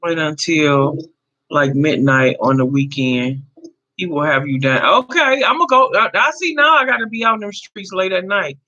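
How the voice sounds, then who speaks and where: A woman's voice: sits low, lively intonation, moderate pace, pushed and bright, highs cut off. A woman in her fifties hosting a casual live chat, talking to viewers and answering their comments as she goes. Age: 50s. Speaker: livestream host.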